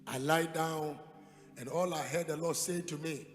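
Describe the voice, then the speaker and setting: A man's voice: on the high side, fairly even intonation, moderate pace. Ghanaian man preaching, echoey hall. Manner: dramatic storytelling, bursts into loud emphatic peaks. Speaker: pastor. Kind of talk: sermon. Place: church hall. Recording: echoey hall with music behind.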